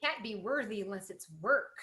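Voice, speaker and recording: Woman host, earnest and affirming, middle pitch. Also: normal speed, pushed and bright, low-quality recording. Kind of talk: reflective spiritual interview.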